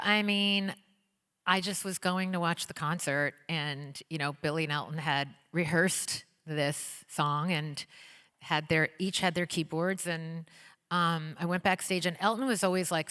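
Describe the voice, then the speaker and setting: A woman being interviewed onstage in an auditorium, telling stories in a bubbly, excited way full of likes and ums. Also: on the low side, smooth. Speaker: guest, pop singer and author. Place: auditorium stage before an audience. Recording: long reverb of a hall.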